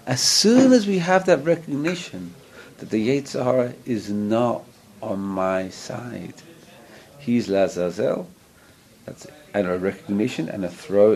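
Man, rabbi, Torah lesson, slow delivery, earnest, asks listeners questions. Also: fairly low pitch, vocal fry, darkish tone. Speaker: rabbi teaching a class.

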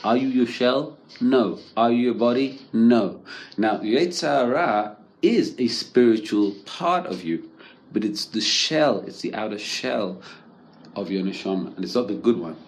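A man's voice: lowish voice, a little slow. A man giving an informal religious talk as a teacher, conversational, often checking in with "right?" and mixing in Hebrew terms. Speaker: Torah teacher.

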